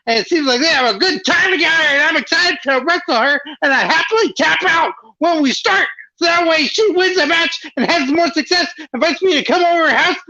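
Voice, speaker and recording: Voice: high-pitched, bright, forceful tone, dull audio, full character voice. A performer voicing a naive, childlike wrestling sidekick who rambles earnestly and turns weepy. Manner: rambling and earnest, tearful at times. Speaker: sidekick co-host. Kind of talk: comedy wrestling sketch.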